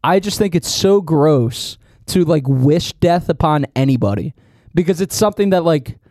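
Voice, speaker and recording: High-voiced rambling young man. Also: expressive, moderate pace, a little mellow, dry recording, studio quality. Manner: rambling, many likes and restarts. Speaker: podcast co-host. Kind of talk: casual chat.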